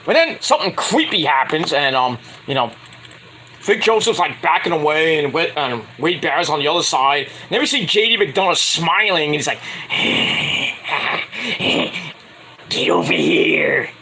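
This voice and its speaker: A young man recaps a wrestling match in a loose, crude, joking way, stumbling through fillers as he goes. His voice is bright and bouncy, swinging widely in pitch. A faint hiss sits under the recording. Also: animated, fairly quick, low-quality recording. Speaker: wrestling show reviewer. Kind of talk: casual recap commentary.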